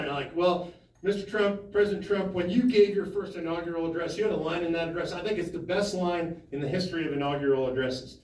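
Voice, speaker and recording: A man with a fairly high voice tells an animated story to a town hall crowd, acting out the other people's lines and laughing along the way. He is picked up from across an echoey hall. There is a faint hiss of room noise behind him. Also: quick pace, recorded from a distance. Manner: animated anecdote with laughs and quoted dialogue. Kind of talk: storytelling to an audience.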